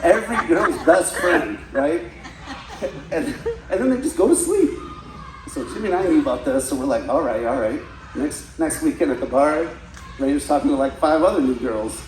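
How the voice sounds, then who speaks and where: A man's voice: fairly high pitch, animated, moderate pace, darkish tone. A man doing a stand-up comedy set, telling rambling stories full of "like" and "right?". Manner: storytelling with frequent "like" and "right?". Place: party venue with guests. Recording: roomy echo, mic from a distance, faint room noise.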